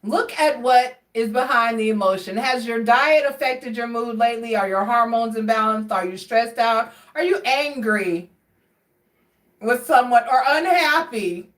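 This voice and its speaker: A woman giving a casual tarot reading, chatty and expressive as she talks straight to her viewers. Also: on the high side, distant mic. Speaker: tarot card reader. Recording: roomy sound from away from the mic.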